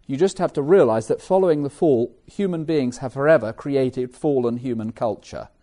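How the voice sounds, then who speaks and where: Middle-aged English preacher, mellow warm voice, animated conversational sermon delivery. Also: male voice, medium pitch, moderate pace. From England. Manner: animated, conversational, with self-mocking asides.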